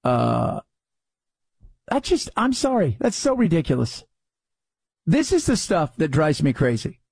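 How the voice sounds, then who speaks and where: A man's voice: fairly high pitch, wildly swooping pitch, measured pace, creaky, a little mellow, breathy edge, no room sound. A man hosting a commentary show, talking in a sarcastic, exasperated way. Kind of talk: opinionated commentary.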